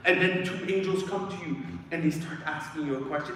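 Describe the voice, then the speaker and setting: A young man giving a dramatic guest lecture, impassioned, swinging between shouts and hushed tones. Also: on the high side, brisk, a little hiss or hum. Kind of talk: dramatic sermon talk. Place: large hall of an Islamic centre. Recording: echoey hall, voice far from mic.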